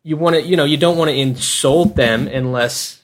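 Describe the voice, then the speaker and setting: A man's voice: on the high side, normal speed. A man co-hosting a casual podcast, explaining his points step by step with easy fillers.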